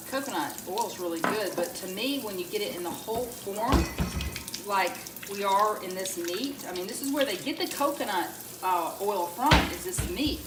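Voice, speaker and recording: Chatty woman in an echoey kitchen. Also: mid-range voice. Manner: chatty, rambling with many fillers and asides. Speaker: home cook demonstrating a recipe. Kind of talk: casual cooking demo. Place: home kitchen with running water. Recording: echoey room, mic at a distance, loud background noise.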